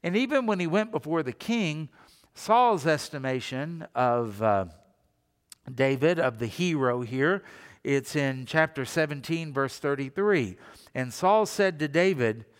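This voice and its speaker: Fairly high-voiced pastor preaching in a hall. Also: male voice, animated, a little slow, clear, resonant tone. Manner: conversational preaching, acts out quoted voices. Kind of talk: sermon.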